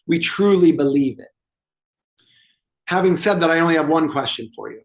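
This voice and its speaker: A movement therapy expert, guesting on an interview, tells a story about a client and acts out the dialogue with animation. His voice is fairly high, lively, and a little fast.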